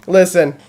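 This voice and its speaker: A man's voice: sits high, gravelly. A male host of a live call-in debate stream, arguing bluntly and heatedly with frequent swearing.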